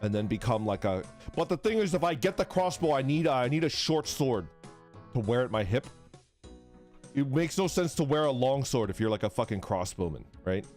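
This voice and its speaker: Lively, animated young man chatting casually. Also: fairly quick, faint music behind. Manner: rambling, laughing, swearing, acts out voices in a high yell. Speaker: streamer. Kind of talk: casual chat stream.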